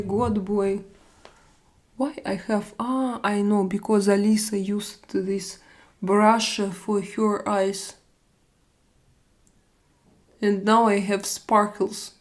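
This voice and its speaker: A woman with a Russian accent chatting casually on a live stream, halting and hesitant, often restarting with fillers. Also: medium pitch. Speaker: livestream host reading chat.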